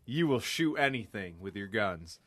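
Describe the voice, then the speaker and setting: A man co-hosting a casual podcast, animated and quick to swear and laugh. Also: lowish voice. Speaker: podcast co-host.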